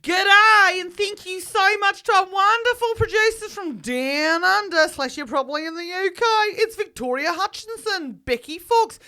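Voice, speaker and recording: A woman's voice: extremely high pitch, normal speed, few pauses, sharp tone, voice pushed up. A woman voicing a cheery Australian woman in a bubbly, mock-Australian accent.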